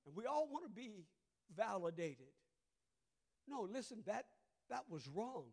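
A middle-aged man with a Cajun Louisiana accent preaching a sermon, moving between soft conversational asides and loud, drawn-out preaching. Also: sits high, sing-song. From southern Louisiana. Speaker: pastor.

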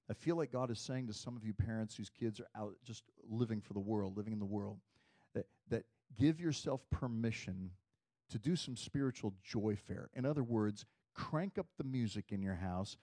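A man preaching a sermon in a conversational, storytelling way, dropping to a hush and then rising to loud emphasis. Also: fairly low pitch, animated, moderate pace.

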